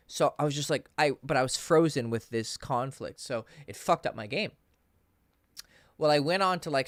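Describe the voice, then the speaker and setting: A man's voice: medium pitch, no echo. A man coaching on dating, telling a story in a casual, profane livestream Q&A and acting out the people he quotes. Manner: casual, profane, animated when quoting others.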